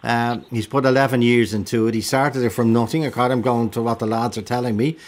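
A man's voice: mid-range voice, steady tone, brisk. A man hosting an Irish radio phone-in, chatty and conversational, with a lot of hesitant restarts. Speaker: radio show host.

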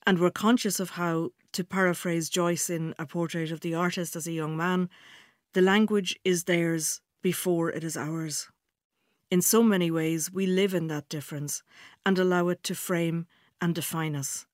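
A woman's voice: lowish voice, no echo, studio quality. An Irish woman presenting a radio feature, asking questions and narrating thoughtful scripted passages. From Ireland.

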